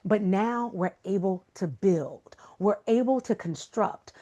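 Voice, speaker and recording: A woman's voice: medium pitch, takes it slowly, mellow. A woman guest speaker giving an emphatic, preacher-like motivational talk full of rhetorical questions. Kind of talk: motivational talk on a video call.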